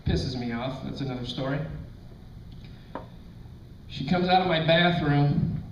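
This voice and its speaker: Man, stand-up comic, crude deadpan storytelling, fairly high voice, roomy and dull club recording. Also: a little slow, recorded from a distance, a little hiss or hum. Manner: crude, deadpan storytelling with sudden loud punchlines. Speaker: stand-up comedian. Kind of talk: stand-up comedy set. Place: comedy club stage. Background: audience laughter.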